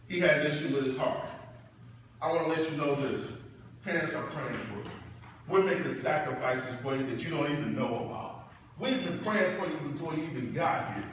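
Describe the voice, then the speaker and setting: A middle-aged man giving a parent's graduation speech, telling personal stories in a preacher-like way that swells loud and high as he builds up. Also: a little hiss or hum. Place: large hall or church. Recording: echoey hall, distant mic.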